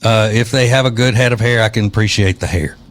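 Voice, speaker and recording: A man's voice: fairly low pitch, fairly even intonation, fast. A man hosting an opinion podcast, talking in a sarcastic, mocking way. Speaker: podcast host. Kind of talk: opinion commentary.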